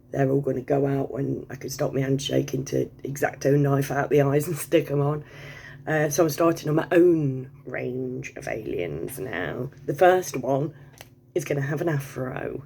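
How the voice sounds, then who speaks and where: A woman's voice: deep voice, vocal fry, mellow, breathy edge. A woman vlogging in a casual, rambling monologue, swearing freely, digressing, and laughing often.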